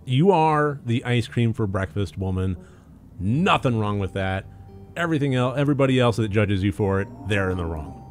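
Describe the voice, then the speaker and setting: A man streaming a story game, reading the narration and breaking off into jokey asides. His voice sits on the low side, loose and casual, with easy swearing and laughs. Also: lively intonation, moderate pace, faint music behind. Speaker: let's play streamer.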